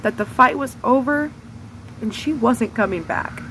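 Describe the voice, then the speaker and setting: A woman's voice: medium pitch, animated, normal speed, long pauses, fairly bright tone, slight background noise, low-quality recording. A young adult woman telling a personal story as a vlogger, candid and raw, swearing bluntly.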